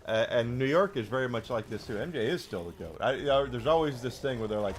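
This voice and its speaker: A man's voice: mid-range voice, lively intonation, fast, few pauses, slight background noise. A man live-streaming a game, chatting casually and rambling to his chat between plays. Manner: rambling, chatty, talks to chat while playing.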